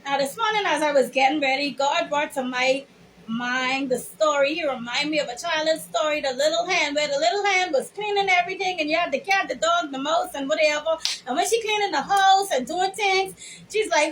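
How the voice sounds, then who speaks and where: A woman's voice: sits high, brisk, fairly bright tone, slight background noise, rough recording. A Bahamian woman vlogger giving an emphatic, sermon-like storytelling monologue. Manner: emphatic, sermon-like, drawls words.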